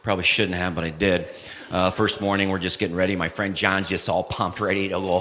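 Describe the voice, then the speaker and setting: A man performing stand-up comedy, telling a story in an animated, exaggerated and self-mocking way. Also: deep voice, brisk. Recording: live venue with laughing audience and noise.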